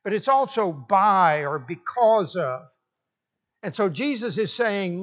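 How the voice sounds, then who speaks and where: A man preaching a sermon, slow and deliberate, often restarting his phrases for emphasis. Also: high voice, expressive, a bit bright, dull audio.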